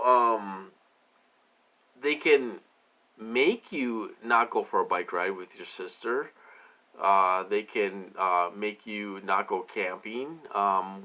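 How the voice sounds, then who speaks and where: A man's voice: on the low side, pushed and bright. A man talking loosely to his viewers in a rambling personal monologue, repeating himself and filling gaps with "you know.". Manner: loose, repetitive, heavy with fillers. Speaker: vlogger.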